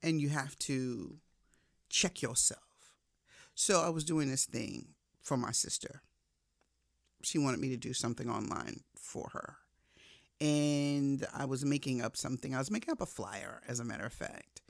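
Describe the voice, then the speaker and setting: A woman giving a faith-based motivational talk in a casual, conversational way, shifting from soft reflection to emphatic storytelling. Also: a bass voice, measured pace, gravelly, no room sound, studio quality. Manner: casual, conversational, addresses listener directly. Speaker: motivational speaker.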